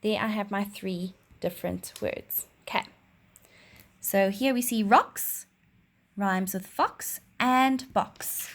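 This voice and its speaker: Slow, clear woman teaching young children. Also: mid-range voice. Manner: slow, clear teacherly delivery with expressive read-aloud of a rhyme. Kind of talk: online reading lesson for young children.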